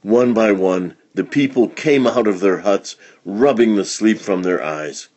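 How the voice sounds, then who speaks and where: A man reading a children's picture book aloud in an expressive, storytelling manner. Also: lowish voice, unhurried.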